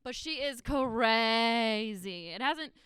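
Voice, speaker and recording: A young woman doing stand-up comedy, chatty and self-mocking with quick asides. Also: a little high, expressive, fairly bright tone, clear, resonant tone, no room sound.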